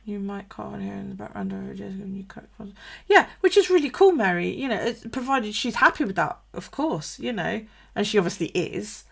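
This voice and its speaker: A woman with a gravelly, fry-edged voice talks casually through a live stream. She swears freely, laughs often and answers viewers' comments as she chats. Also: mid-range voice, a little fast, few pauses, a bit bright. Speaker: bullet journal vlogger.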